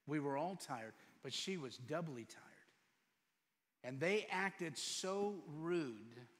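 Preaching man in an echoing church. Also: fairly high pitch. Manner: emphatic preaching with rhetorical questions, swinging from loud to quiet. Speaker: pastor. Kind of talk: sermon. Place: church sanctuary. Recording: long hall reverb.

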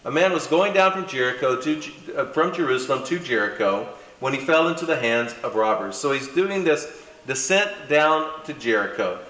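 Male lecturer, animated conversational delivery, mid-pitched, recorded in a reverberant room. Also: normal speed, distant mic. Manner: animated, conversational teaching with asides and emphasis. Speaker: Bible teacher. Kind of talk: classroom lecture.

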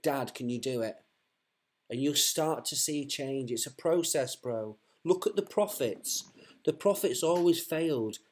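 Husky man, slightly high, earnest street preacher who keeps circling back on his words. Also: darkish tone. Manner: fervent, repetitive, restarts mid-sentence.

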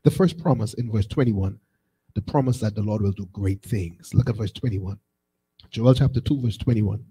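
A male pastor preaching a sermon, calling on the congregation and rising into shouted, sung cadences. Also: medium pitch, normal speed, breathy edge, low-quality recording.

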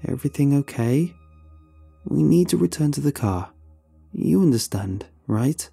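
A man's voice: mid-range voice, animated, a little slow, vocal fry, dark tone, breathy edge, soft background music, voice pushed up, exaggerated voice. A man voicing a frightened young man in a horror story, speaking tensely through his teeth while urging his friends on. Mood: tense careful.

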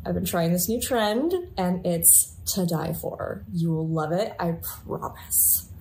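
A woman voicing a soft-spoken female coffee maker in a whispered role-play, breathy and drawn-out. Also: lowish voice, a little hiss or hum, voice pushed down. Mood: sugary.

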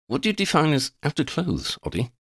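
A man's voice: on the high side, wildly swooping pitch, fairly quick, breathy edge, no room sound, clean studio sound, pitched above the performer's own voice, full character voice. Narrator doing a precise, courteous young man, helpful, storybook reading.

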